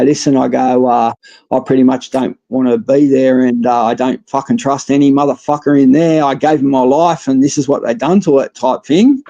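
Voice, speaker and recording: A man's voice: medium pitch, creaky, dark tone, no room sound, highs cut off. A man with an Australian accent telling his story casually, swearing often and stumbling over restarts. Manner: profane, halting with many restarts.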